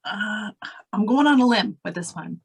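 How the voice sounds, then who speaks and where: A woman's voice: mid-range voice, lively intonation, normal speed, gravelly, slightly rough. A woman hosting a podcast chat, asking curious questions and making playful guesses. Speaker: host. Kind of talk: casual chat.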